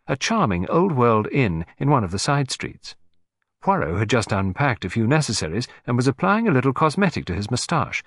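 Man narrating an audiobook, lively intonation, dry close recording. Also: medium pitch, husky, dry recording. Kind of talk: scripted narration.

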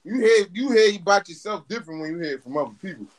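A man hosting a casual live audio talk show, loud and joking. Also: high-pitched, lively intonation, quick pace, no room sound, low-quality recording. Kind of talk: casual chat. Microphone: phone app audio.

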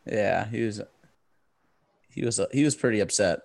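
A man's voice: fairly low pitch, moderate pace, gravelly, darkish tone. A man co-hosting a casual movie podcast, laid-back with short replies. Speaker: podcast co-host.

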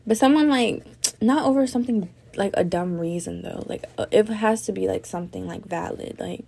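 A young woman chatting alone on her podcast, her voice gravelly with fry. She rambles loosely, swears freely and sounds drowsy between yawns. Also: medium pitch, moderate pace, dark tone. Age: young adult. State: sleepy, yawning. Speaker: podcast host. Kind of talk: casual solo podcast chat.

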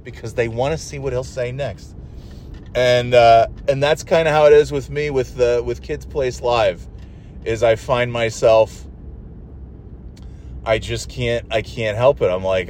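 A man's voice: medium pitch, steady tone, a little slow, a little mellow. Male solo host, profane rambling rants, in-car recording with light engine hum. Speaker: podcast host.

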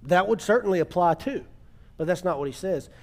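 A man preaching a sermon in church, earnest, slowing down to stress key words and calling on the congregation to repeat after him. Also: high voice, expressive. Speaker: pastor.

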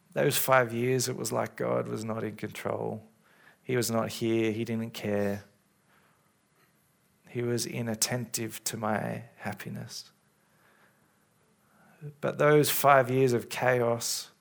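A man preaching in a church, speaking as a pastor in an earnest, caring way with halting restarts, into a stage microphone. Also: mid-range voice, flat delivery, gravelly. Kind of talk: sermon. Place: church service. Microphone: handheld or stage microphone.

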